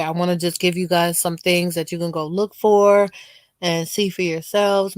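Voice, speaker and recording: A woman's voice: fairly low pitch, no room sound. Chatty woman livestreaming, losing her voice. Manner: chatty, talks straight to the chat. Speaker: livestream host. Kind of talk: casual livestream chat.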